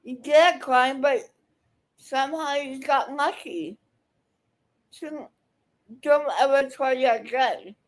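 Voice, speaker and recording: Angry woman reaction commentator, high voice, slow and scolding, heavy profanity. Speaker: video commentator reacting to clips.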